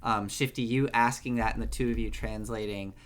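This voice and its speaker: A man narrating a tabletop game as game master, relaxed, with many fillers. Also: fairly low pitch, fairly quick.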